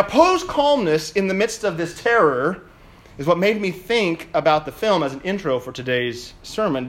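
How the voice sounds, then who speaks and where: Man, pastor, middle-aged, sermon, vivid storyteller, slightly high-pitched. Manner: storytelling, lively and dramatic retelling.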